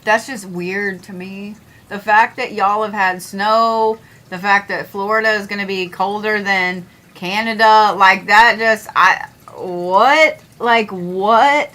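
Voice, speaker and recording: Grumbling bright-voiced woman streamer. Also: medium pitch, unhurried, slight background noise, rough recording. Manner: grumbling, profane, drifts between loud and mumbled. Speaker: astrology streamer. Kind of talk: casual livestream chat.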